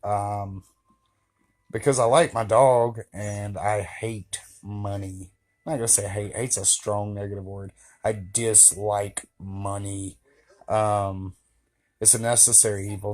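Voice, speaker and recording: A man vlogging a casual, meandering monologue to camera, full of fillers and joking asides but candid and reflective. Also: on the low side.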